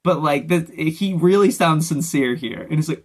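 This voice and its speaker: A male commentator rants his way through a review show, unscripted and loose. His voice sits a little high, and he swears freely and slips into mocking quotes of other creators. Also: moderate pace. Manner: ranting, profane, mocking impressions. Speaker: anime YouTube commentator.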